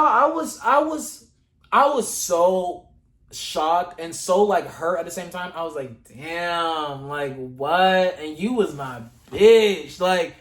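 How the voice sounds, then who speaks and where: A man's voice: high-pitched, a bit bright. A young man vlogging a casual storytime to camera, retelling events dramatically with slang and asides to his viewers. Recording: echoey room.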